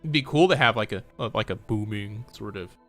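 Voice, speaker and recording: A man's voice: on the low side, a little fast, a bit bright, soft background music. A man chatting casually while gaming on a stream, talkative and laughing often.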